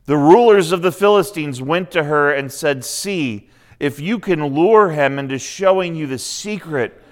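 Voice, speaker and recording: Guy preaching, kinda high voice, smooth and clear, chatty storytelling with little asides. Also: expressive, measured pace. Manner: conversational, retells scripture with asides. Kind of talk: sermon.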